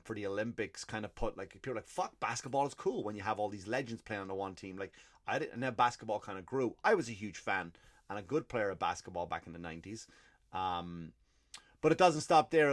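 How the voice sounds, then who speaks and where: A man's voice: lowish voice, fairly bright tone. Irish man ranting through a comedy podcast. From Ireland. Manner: profane, rambling storytelling rant. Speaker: comedian host.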